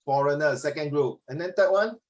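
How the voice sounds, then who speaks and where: A man's voice: on the high side, brisk, low-quality recording. A middle-aged man with a Singaporean accent, teaching an online class in a rambling, chatty way, dropping "ah" and "lah" and switching into Mandarin. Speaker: social studies tutor.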